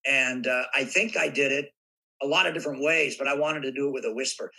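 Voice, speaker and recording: An older man from Southern California, a guest actor telling animated stories in a podcast interview and acting out voices now and then. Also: medium pitch, brisk, breathy edge, poor audio. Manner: animated anecdotes with acted-out voices.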